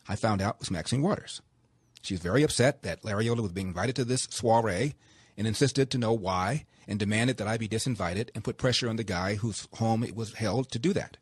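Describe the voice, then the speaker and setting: A male radio talk host telling anecdotes in a lively way, acting out the dialogue he quotes. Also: on the low side, breathy edge, no echo. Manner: animated, acts out the dialogue he quotes. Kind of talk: storytelling anecdotes.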